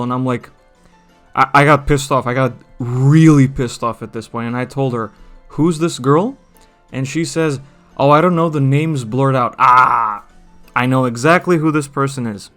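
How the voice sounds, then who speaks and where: A man's voice: mid-range voice, moderate pace, fairly bright tone, clear, resonant tone, soft background music. A young man telling a personal story in a chatty vlog voice, with many fillers and self-corrections. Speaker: storytime vlogger. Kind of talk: casual storytelling over gameplay.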